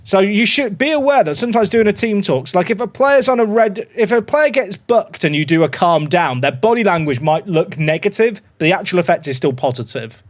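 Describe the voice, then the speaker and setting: A man live-streaming a football management game, chatting excitedly to his viewers and reacting to every goal. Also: high voice, fairly quick, few pauses. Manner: excitable, chatty, talks to his dog and chat. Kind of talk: live gameplay commentary.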